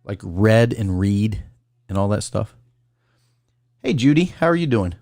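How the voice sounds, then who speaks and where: A man with a low voice hosts a casual call-in livestream. He rambles and reads a list aloud, stopping to greet viewers by name. The sound is dry and close. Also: animated, a little slow, creaky, a little mellow, no room sound. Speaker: call-in show host.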